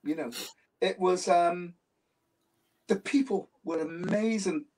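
A man's voice: sits high, slow, darkish tone. A man, an interview guest who tells his stories with animation and repeats phrases for emphasis. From Liverpool, England. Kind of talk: casual interview talk. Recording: voice distant from the mic.

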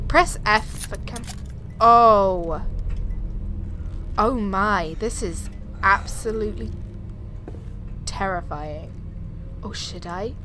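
A young woman commenting on a horror game, talking to herself with jumpy, frightened exclamations into a desk microphone at home. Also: mid-range voice. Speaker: gaming YouTuber. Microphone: desk USB microphone. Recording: steady background noise.

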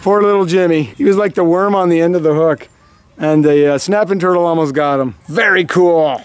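A man's voice: a little high, fairly quick, clean tone, no room sound. A man hosting a family vlog, narrating casually to the camera outdoors by a lake and joking along the way. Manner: jokey, chatty, talking to camera. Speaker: vlog host, dad. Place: outdoors by a small lake and marsh.

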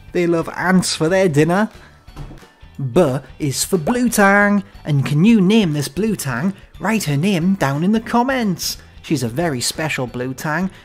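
Slow sing-song woman teaching kids. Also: medium pitch. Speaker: children's educational host. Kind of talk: teaching animal names to kids.

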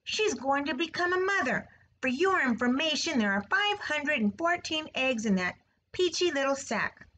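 A woman's voice: high-pitched, lively intonation, moderate pace, sharp tone, a little hiss or hum, voice pushed up, low-quality recording. A woman voicing a proud young male pig who talks back indignantly in a storybook read-aloud. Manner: indignant, boastful.

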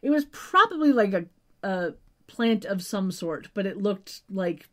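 A woman with a medium-pitched, animated voice and measured pace co-hosts a podcast recapping a TV episode. She keeps it chatty, slips in wry asides, and trails off with "just saying."

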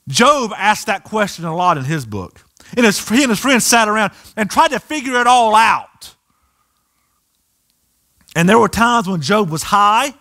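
A man preaching a sermon in a church, animated and acting out the voices of people in the story. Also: high-pitched, a little slow. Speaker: pastor. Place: church sanctuary.

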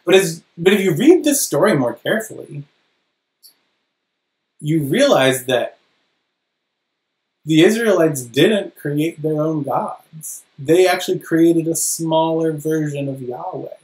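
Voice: mid-range voice, animated, a little mellow. Emphatic preacher in an echoey church. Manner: dramatic, emphatic preaching with slow stressed phrases. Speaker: pastor. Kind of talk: sermon.

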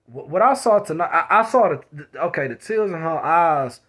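Animated young man ranting to camera. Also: on the high side, moderate pace. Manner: animated, repetitive, slangy storytelling with quoted voices. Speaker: vlogger. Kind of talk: casual rant to camera.

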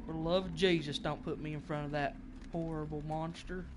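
A man's voice: fairly high pitch, fairly even intonation, brisk, noisy background. A man hosting a let's play, commenting nervously with lots of swearing. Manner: profane, nervous muttering. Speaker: gaming video host.

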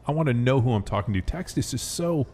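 A man's voice: mid-range voice, lively intonation, fast talker, warm tone, breathy edge. A man co-hosting a fitness podcast, teasing his co-hosts and cracking crude jokes in casual banter. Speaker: podcast co-host.

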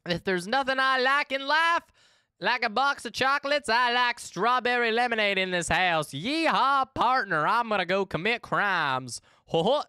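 A man's voice: extremely high pitch, animated, moderate pace, pushed and bright, smooth, no room sound, clean studio sound, voice pushed up, heavily acted. A man voicing a playful Southern cowboy outlaw with an exaggerated folksy drawl and a Southern accent. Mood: hammy.

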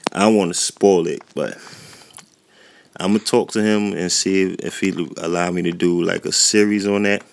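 A man's voice: low voice, vocal fry. A man giving rambling, chatty gameplay commentary who often loses his train of thought, recorded indoors at home. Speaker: gaming YouTuber. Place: warm indoor room at home.

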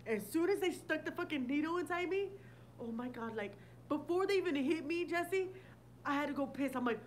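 A woman's voice: sits high, animated, fairly quick, slight background noise, low-quality recording. A woman hosting a casual livestream, talking bluntly with lots of swearing and laughter while answering viewer comments. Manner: blunt, profane, laughing often. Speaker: livestream host.

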